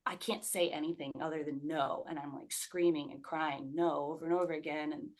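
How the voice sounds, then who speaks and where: A young woman with a low-pitched voice speaks as a guest on a podcast. She tells her own story in a loose, conversational way, full of "like" fillers, and acts out the quoted words of the people in it. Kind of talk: personal storytelling.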